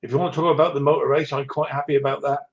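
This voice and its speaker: A man's voice: fairly high pitch, little pitch movement, very fast, muffled recording. A man hosting a live stream, chatting casually and greeting viewers by name with little chuckles, a bit short of breath. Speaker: livestream host. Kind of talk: casual chat reading out live comments.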